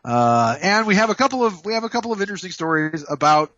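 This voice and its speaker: This radio host, calling in via Skype from a hotel room, has a high, sing-song, fairly bright voice and a quick pace. He's playful and jokey in casual on-air chat, rambling with plenty of restarts, and the lo-fi audio has no room sound.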